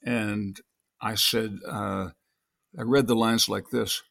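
A man's voice: fairly low pitch, steady tone, slow, creaky, fairly bright tone. Older man telling rambling acting anecdotes. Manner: storytelling, acts out quotes. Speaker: guest actor.

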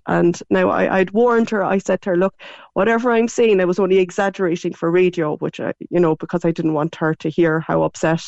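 A woman's voice: mid-range voice, fairly even intonation, moderate pace, vocal fry, dry recording. An Irish woman in her forties chats on a radio show, telling a story with emotion and slipping into other people's voices. Her voice comes through a dull, muffled line. The sound is dry and close. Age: 40s. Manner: chatty, emotional, quotes others often. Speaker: radio guest. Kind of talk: casual storytelling chat.

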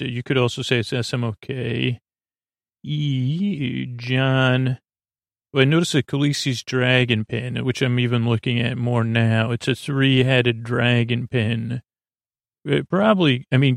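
A man with a gravelly, creaky voice hosts a sleep-aid podcast, wandering through an episode recap as he thinks aloud. His delivery is hesitant and meandering, with barely any rise and fall in pitch. The recording is dry and close, with no room sound around him. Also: no room sound. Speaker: podcast host.

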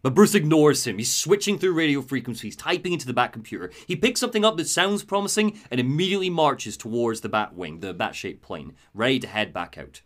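A man hosting a podcast, recapping a story in an enthusiastic, animated way. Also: mid-range voice, fairly quick, hardly any pauses. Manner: animated, enthusiastic, acts out quotes. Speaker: podcast host.

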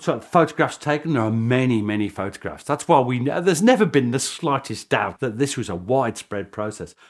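A man's voice: medium pitch, lively intonation, normal speed. A man speaking as a historian in a documentary interview, telling the story with chuckles and restarts.

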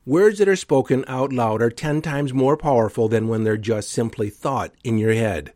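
A man's voice: medium pitch, normal speed, darkish tone, no echo, studio quality. A man hosting a motivational podcast, talking earnestly and with emphasis as he coaches listeners. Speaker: podcast host. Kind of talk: motivational solo talk.

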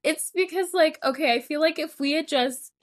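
Here a podcast co-host speaks in a high-pitched voice at normal speed, recorded dry and clean in a studio. She rambles through a casual chat, leaning heavily on "like."

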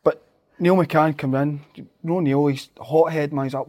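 A man's voice: fairly high pitch, steady tone, moderate pace, dark tone. A Scottish man, a footballer guest, telling stories in casual chat, swearing freely and laughing as he goes.

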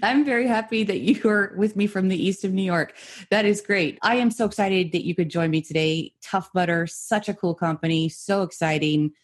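A woman's voice: medium pitch, moderate pace. An American woman hosting an interview podcast, upbeat and enthusiastic. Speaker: podcast host.

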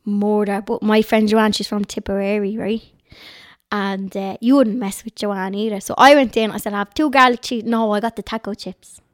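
A woman's voice: medium pitch, moderate pace, no echo, studio quality. A woman with a North Dublin accent, chatting casually as a podcast guest at home and telling stories with frequent laughter. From Ireland. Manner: lively storyteller, laughs often. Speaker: guest, lifestyle blogger. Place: her home.

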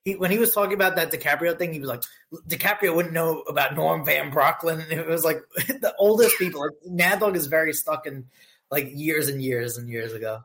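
A young man co-hosting a sports podcast in a loose, rambling way. His voice sits a little high for a man. He talks casually, with lots of restarts. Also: brisk, fairly bright tone. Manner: rambling, laughing storyteller. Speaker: podcast co-host. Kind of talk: casual chat.

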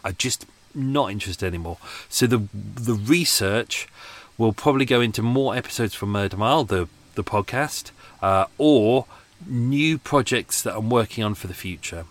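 A man's voice: medium pitch, a bit bright, no echo. A middle-aged man hosting a podcast in a casual, rambling chat full of fillers and restarts, talking outdoors by his boat. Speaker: podcast host.

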